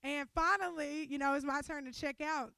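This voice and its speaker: A young woman giving an animated, conversational sermon to a women's gathering. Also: sits high, normal speed, creaky, no room sound. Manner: animated, conversational preaching with laughter. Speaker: speaker at a women's church event.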